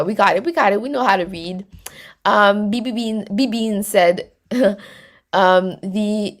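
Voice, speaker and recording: A North American woman chats casually as she hosts a livestream and answers viewer comments. Her voice sits at a middle pitch, and her talk is loose and slangy, with plenty of fillers and false starts. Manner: chatty and slangy, many fillers and restarts. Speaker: host of a reality show recap stream.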